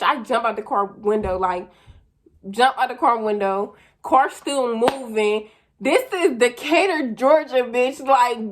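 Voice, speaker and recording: A young woman telling a wild personal story in a casual vlog, profane and animated, full of slang. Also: a little high.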